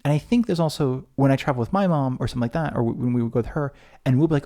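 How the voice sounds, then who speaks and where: A man co-hosting a podcast in casual chat, joking and rambling with quick restarts. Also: medium pitch, lively intonation, mellow. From United States. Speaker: podcast co-host.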